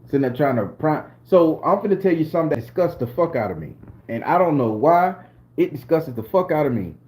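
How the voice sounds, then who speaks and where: Animated high-voiced Southern man. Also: brisk. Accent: Southern American. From southern Florida, USA. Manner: animated, profane, swings into high exclaiming. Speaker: spiritual channel host. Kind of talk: casual live-stream talk.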